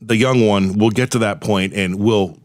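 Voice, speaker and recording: Friendly low-voiced man hosting, dry sound. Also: fairly even intonation, normal speed, no echo. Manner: friendly, says "man" often. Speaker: podcast host. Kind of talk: casual interview.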